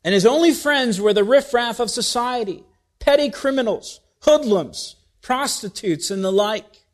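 Male preacher, higher voice, expressive sermon delivery, rises and drops in volume. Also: unhurried. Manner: expressive, rhetorical questions, wide swings in loudness.

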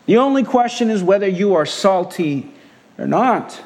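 Male preacher with a high voice, emphatic sermon delivery, repeats lines for stress. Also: expressive, unhurried. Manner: emphatic, repeating key phrases. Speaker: pastor.

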